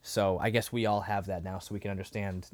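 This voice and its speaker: A man co-hosting a podcast in casual chat, animated and quick to laugh, sometimes acting out scenes with loud outbursts. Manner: wide pitch swings. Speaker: podcast co-host.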